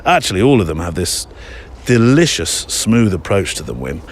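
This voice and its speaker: A man's voice: sits low, sing-song, normal speed, slight background noise. A middle-aged man hosting a photography podcast in a casual, rambling, self-deprecating way, with many fillers. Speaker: podcast host. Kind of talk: casual chat.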